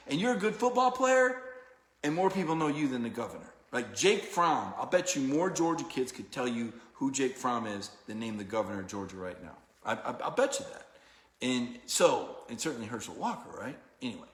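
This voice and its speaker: A man hosting a casual sports talk show, telling rambling, animated stories full of quoted back-and-forth. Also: medium pitch. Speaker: sports writer and show host. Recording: echoey room with long reverb.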